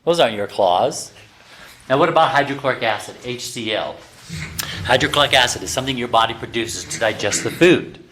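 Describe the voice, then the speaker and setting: A man giving a lively health lecture to a class of students, teasing his listeners and firing rhetorical questions at them. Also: mid-range voice, a little fast, slight background noise. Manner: animated, teasing, full of rhetorical questions to the audience. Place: talking to a live class of students.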